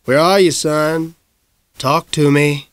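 A man's voice: a little high, fairly even intonation, takes it slowly, no echo. Man voicing a pleading small-town mayor. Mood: hushed, pleading. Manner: pleading, then hollering after a boy. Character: worried middle-aged male small-town mayor.

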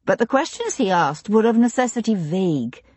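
A woman narrating an audiobook in a measured, expressive way. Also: medium pitch, husky, dry recording. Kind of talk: scripted narration of a historical mystery.

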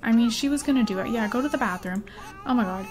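A woman's voice: a little high, quick pace, a little mellow. A young woman rambling and giggling as she plays a life-sim game, easily distracted and chatty. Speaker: gaming YouTuber. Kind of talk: rambling let's play commentary with story time.

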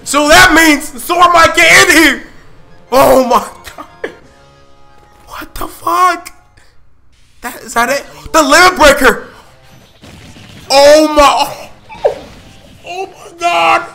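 Hoarse young man shouting in excitement. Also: extremely high pitch, slow, long pauses, soft background music. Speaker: video host reacting live. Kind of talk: live reaction commentary.

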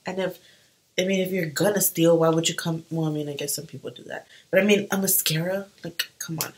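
Young woman, chatty makeup vlog, lowish voice, animated storytelling. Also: a little fast, rough recording. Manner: chatty and animated, full of fillers. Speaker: beauty vlogger. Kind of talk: casual chat while doing makeup.

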